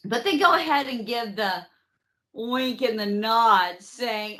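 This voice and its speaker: Speaking slowly in a fairly high voice, this podcast host tells history casually, with plenty of swearing and jokes. She animates the story by putting on mock voices throughout the comedic chat.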